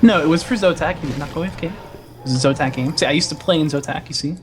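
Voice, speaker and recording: A man casting a strategy game match, excitable and rambling, laughing often. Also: fairly high pitch, racing, music in the background. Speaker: esports caster. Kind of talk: game commentary.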